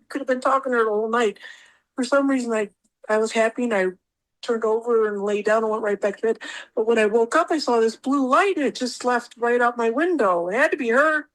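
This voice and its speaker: A woman guest on a podcast, telling a personal story in a rambling, animated way and repeating herself often. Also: a little high, fast, low-quality recording.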